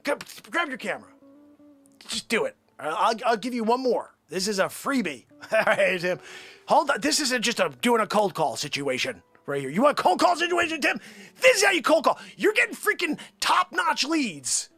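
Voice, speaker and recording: A man's voice: very high-pitched, slightly rough. A man hosting an improvised comedy show, ranting and teasing a coworker with lots of energy. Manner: animated, talks fast to the camera crew.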